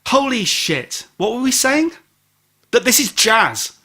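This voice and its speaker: A man co-hosting a casual album review podcast, teasing and rambling, with sudden loud exclamations. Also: extremely high pitch, big pitch swings, unhurried, breathy edge. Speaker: podcast co-host.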